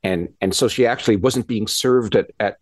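A man speaking as a guest scientist in a radio interview, explaining ideas in a halting way with frequent restarts and repeated words. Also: lowish voice, no room sound. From Canada.

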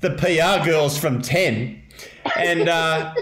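A man's voice: fairly high pitch, slow pace, echoey room, background noise. An Australian man hosting a podcast, telling a story in casual chat with lots of laughter and rambling restarts. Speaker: podcast host.

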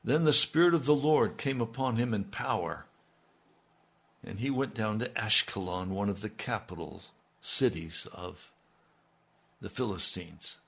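Gravelly man telling a sermon story. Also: lowish voice, unhurried, a bit bright. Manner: folksy retelling with conversational asides. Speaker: preacher.

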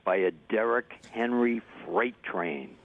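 Male caller, low voice, teasing, phone-quality sound. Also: expressive, slow, creaky. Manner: quiet, joking. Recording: tinny phone line.

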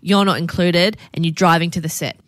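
A woman's voice: lowish voice, steady tone, a little fast, no echo, clean studio sound. A woman hosting a casual interview, summing up and prompting her guest's story. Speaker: podcast host.

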